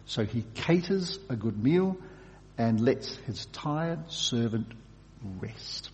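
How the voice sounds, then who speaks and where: A man preaching a sermon, swinging from loud emphasis to hushed, soft words. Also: mid-range voice, lively intonation, takes it slowly, slight background noise. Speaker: pastor. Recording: long hall reverb.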